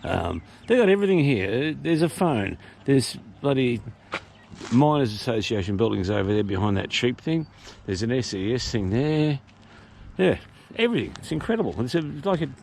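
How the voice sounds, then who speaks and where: An Australian man talks his way around a country pub, rambling and chatty, dropping the odd casual swear word. His voice is gravelly, with a lively, swooping pitch. A faint hum of background noise sits underneath. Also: normal speed. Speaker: vlog host touring pubs. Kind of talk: casual walk-and-talk vlog. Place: outdoors and inside a country pub.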